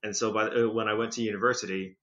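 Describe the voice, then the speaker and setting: A young man with a slightly British-tinged accent, chatting casually as a podcast guest, rambling with lots of fillers and quick laughs. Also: on the low side, level tone, fairly bright tone. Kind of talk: casual conversational storytelling. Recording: slightly muffled lo-fi recording.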